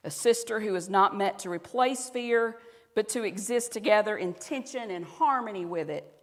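A woman pastor with a Southern accent preaching a conversational sermon, at times dropping to a soft, intimate voice. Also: medium pitch, normal speed. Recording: reverberant hall.

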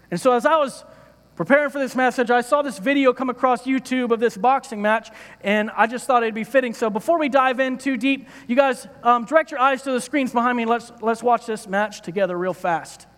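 A man's voice: very high-pitched, long reverb tail. A man giving a sermon from a church stage, in a playful, joking manner. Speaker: preacher.

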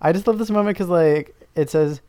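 A man's voice: high-pitched, fairly quick, mellow, no echo. A man co-hosting a podcast, chatting casually about a book with playful, jokey comparisons. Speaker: podcast co-host.

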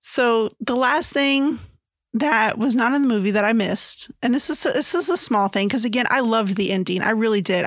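A woman's voice: mid-range voice, no echo, studio quality. A woman chatting casually as a book reviewer, gushing and full of filler words. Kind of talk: casual chat.

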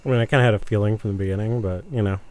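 A man playing a tabletop game casually, eager, swearing and acting out his character loudly. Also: lowish voice, steady tone, rapid-fire, a little hiss or hum. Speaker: player. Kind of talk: casual tabletop role-play.

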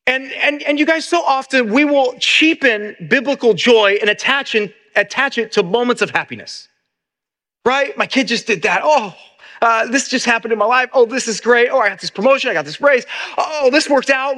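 Middle-aged male pastor with a high voice, preaching in a chatty, storytelling style. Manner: conversational, animated storytelling with many restarts. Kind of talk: sermon.

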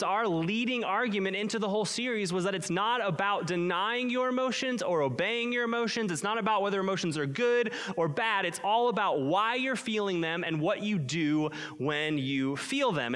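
A young adult man preaching a sermon as a pastor, earnest, slowing right down to stress his key lines. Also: high voice, fairly bright tone.

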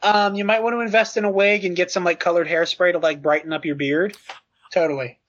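High-voiced excitable man telling a story. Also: a little fast. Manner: excitable storyteller, laughs often. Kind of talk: casual podcast chat. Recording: slightly dull lo-fi sound.

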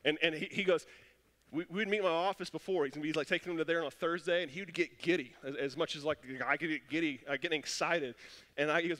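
A man's voice: a little high, quick pace, bright, forceful tone. A man preaching a sermon as pastor, passionate and acting out the voices he quotes. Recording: long echo of a church hall.

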